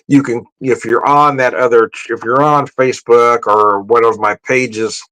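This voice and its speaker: On a laid-back beer livestream, a man with a slightly bright voice rambles, laughs softly and fixes his own slips, pitching up high when imitating greetings. He's a beer vlogger, and the audio is low-quality.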